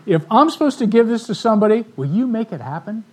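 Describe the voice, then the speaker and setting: A man telling stories in a sermon to a live audience, animated, acting out the voices of the people in his stories. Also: high-pitched, quick pace, slight background noise. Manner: animated storyteller, acts out quoted voices. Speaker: ministry speaker. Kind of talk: storytelling sermon talk.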